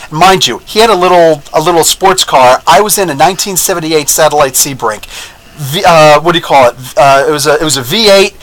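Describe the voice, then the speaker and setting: A man with a fairly high voice for his sex, hosting a podcast in a loose, opinionated monologue. He rambles and circles back, and speaks bluntly. He keeps checking in with his listeners as he tells his stories. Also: poor audio. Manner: rambling, animated, keeps asking "you know what I'm saying?". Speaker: podcast host. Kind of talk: casual opinion monologue with storytelling.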